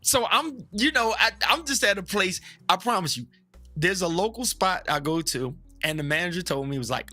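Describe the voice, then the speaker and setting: Animated, bright-voiced preacher man talking frankly. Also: high-pitched, soft background music. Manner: animated, acts out other people's voices; frank and joking, drops into slow emphatic phrasing. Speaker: guest, Baptist preacher. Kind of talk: casual opinionated chat.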